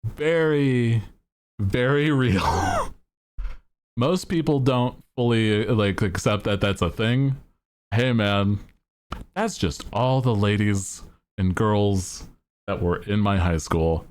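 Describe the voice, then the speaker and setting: A man's voice: lowish voice, slow pace. A male streamer chatting casually in a laid-back, slangy way and laughing often.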